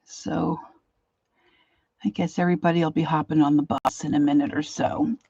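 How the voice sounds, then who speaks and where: Older woman, host of an art livestream. Chatty and warm toward viewers, greets each by name. Slightly muffled, dry computer-mic sound. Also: low-pitched, fairly even intonation, normal speed, gravelly, slightly rough, no room sound. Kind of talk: casual livestream chat. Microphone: computer mic, set far from her face.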